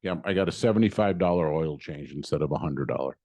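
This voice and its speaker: A man co-hosting a comedy podcast, retelling a frustrating errand in an animated, swearing, storytelling way and acting out both sides of the exchange. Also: a bass voice, quick pace, no room sound. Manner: swears casually, laughs often. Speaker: podcast co-host.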